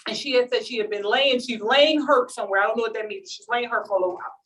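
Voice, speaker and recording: A woman giving a talk at a launch event, telling a comic story in an animated way and acting out the quotes. It is recorded on a distant mic at an event. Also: on the high side, quick pace.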